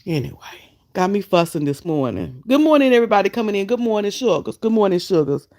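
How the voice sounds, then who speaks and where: A woman's voice: mid-range voice, very animated, fast talker, a little mellow. A woman hosts a casual live stream, scolding and teasing in a sassy way. Her voice swings widely up and down as she talks. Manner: sassy, fussing, talks straight to chat. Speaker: vlogger host.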